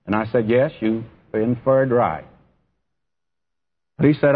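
Unhurried and pausing at length, a pastor with a medium-pitched voice preaches a sermon in church. He talks earnestly and straight to his listeners, calling them friend and beloved. The sound is a dull, echoey church hall recording.

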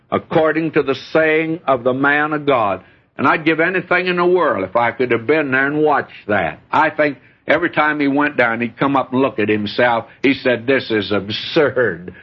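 A husky-voiced man preaching a sermon in a folksy, storytelling way. He reads scripture aloud between homely asides to his listeners. The recording is dull and lo-fi. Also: medium pitch.

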